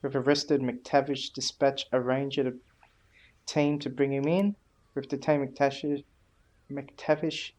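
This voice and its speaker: A man's voice: medium pitch, little pitch movement, a little slow, darkish tone, a little hiss or hum. Laid-back man narrating his gameplay. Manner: reads dialogue options aloud, laid-back, laughs easily. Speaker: gameplay commentator. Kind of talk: casual gameplay commentary.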